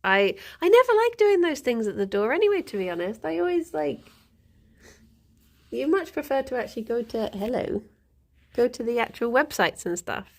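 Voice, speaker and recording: Giggly high-voiced woman streamer. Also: moderate pace. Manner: giggly, animated storytelling. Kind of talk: casual chat.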